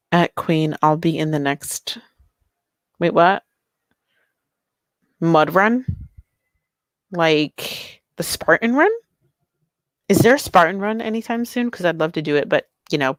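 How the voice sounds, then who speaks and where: A young adult woman streaming live, chatting casually and excitedly with her viewers and reading their messages aloud. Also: on the low side, no echo. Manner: bubbly, excitable, reads chat aloud.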